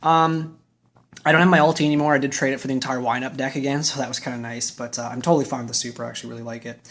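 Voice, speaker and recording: A man's voice: medium pitch, fairly even intonation, very fast, a bit bright, slight background noise. A man with a mid-range voice, casually chatting through a card deck profile for his channel. He is talkative and opinionated. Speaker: YouTube card game channel host.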